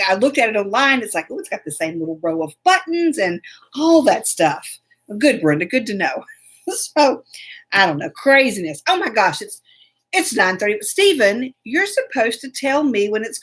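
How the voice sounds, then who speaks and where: A woman's voice: on the high side, big pitch swings, moderate pace, breathy edge. A woman hosting a casual live stream, chatty and laughing often as she greets viewers by name. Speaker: host.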